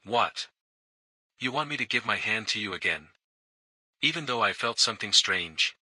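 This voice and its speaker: A man's voice: on the low side, expressive, moderate pace, sharp tone, dry recording, exaggerated voice. A man reading a coy, teasing young woman.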